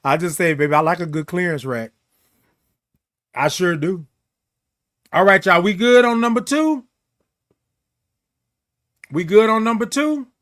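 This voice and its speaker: A man's voice: high voice, a little slow, pauses often, a bit bright. A middle-aged man hosting a morning live show, giving an emphatic, preachy pep talk that repeats key phrases and reads viewer comments.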